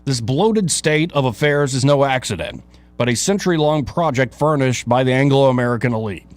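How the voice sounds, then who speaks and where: A male talk show host reading his own opinion piece aloud in an emphatic, rhetorical way, with dramatic pauses and casual asides. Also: mid-range voice, expressive, dry recording.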